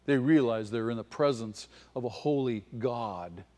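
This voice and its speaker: A man's voice: mid-range voice, unhurried. Impassioned preacher man in an echoing hall. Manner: impassioned, rising to near-shouts at peaks. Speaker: pastor. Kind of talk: sermon. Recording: long hall reverb.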